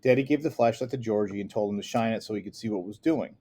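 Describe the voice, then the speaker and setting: A man narrating a first-person novel aloud with steady, earnest delivery. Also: on the low side, quick pace, husky. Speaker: audiobook narrator. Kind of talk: first-person audiobook reading.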